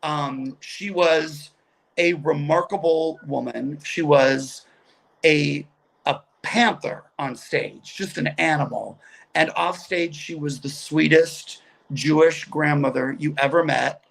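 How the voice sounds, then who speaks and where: A man's voice: on the high side, gravelly. A middle-aged man, a guest comedian, telling stories animatedly over a video call. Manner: animated, chatty, quick asides. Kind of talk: casual storytelling on a video call.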